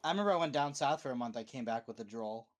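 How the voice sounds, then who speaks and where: Guy on discord rambling thru a story, average pitch, just chatting. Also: expressive, rapid-fire, crowd noise. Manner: rambling, anecdote-telling. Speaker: watch-along co-host. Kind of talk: casual chat over a video call. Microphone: online voice chat.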